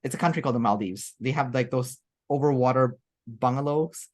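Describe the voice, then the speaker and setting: A woman's voice: a bass voice, a little fast, a little mellow. A woman as an interview guest, talking in a rambling, chatty way with many fillers and restarts. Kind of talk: casual interview chat.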